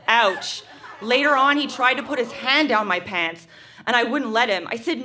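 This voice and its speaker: A woman's voice: on the high side, animated, moderate pace, noisy background. A woman reading her teenage diary aloud to a live audience on a stage, with melodramatic delivery. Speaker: reader at a live show. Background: audience laughter.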